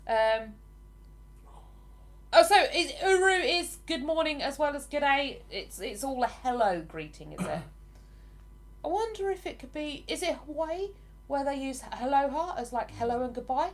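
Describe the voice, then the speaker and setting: A woman's voice: sits high, expressive, unhurried. A woman with an English accent hosting a casual live stream, chatting and laughing easily as she greets viewers by name.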